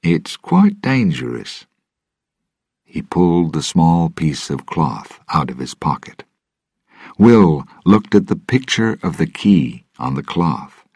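A man narrating a storybook in a measured, even reading. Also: very deep voice, slightly rough, no room sound, clean studio sound.

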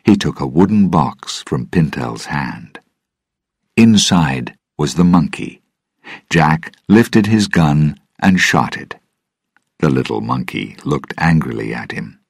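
A man narrating a storybook in a measured, even reading. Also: a bass voice, breathy edge, no echo, studio quality.

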